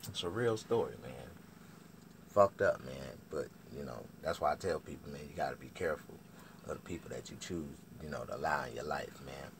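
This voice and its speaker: A middle-aged man, telling a profane comic story in a drawling, lively way. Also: very deep voice, fairly quick, background noise. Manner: drawling, lively, swears a lot. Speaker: storytelling comedian.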